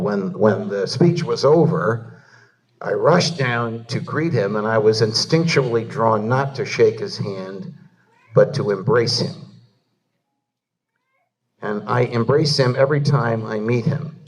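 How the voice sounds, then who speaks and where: A man's voice: fairly low pitch, measured pace, recorded from a distance. A man from New Jersey giving a humorous storytelling speech to a live audience in an event hall, leading each anecdote to a punchline. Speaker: keynote speaker.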